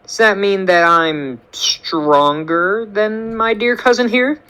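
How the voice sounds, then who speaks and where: A man's voice: sits high, takes it slowly, pushed and bright, clear, resonant tone, voice pushed up, heavily acted, poor audio. A man voicing a flustered, sarcastic young woman who fires off exasperated questions. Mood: curious.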